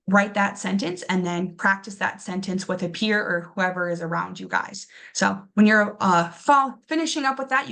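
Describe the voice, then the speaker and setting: A young woman gives a pronunciation lesson, patiently encouraging her students and saying each word slowly. Her voice is medium-pitched, creaky, and fairly bright.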